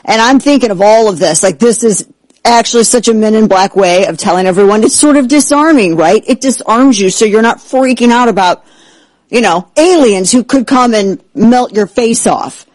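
A man hosting a talk show, excitable and sarcastic, who keeps breaking into exaggerated impressions. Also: sits high, normal speed, no room sound, low-quality recording. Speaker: host. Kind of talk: animated political talk show banter.

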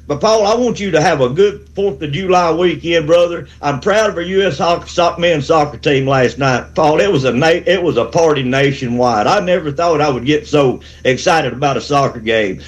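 A man's voice: a little high, moderate pace, few pauses. A man, calling a sports radio show with a rambling, fired-up pep talk. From Alabama. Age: 60s. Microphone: phone call.

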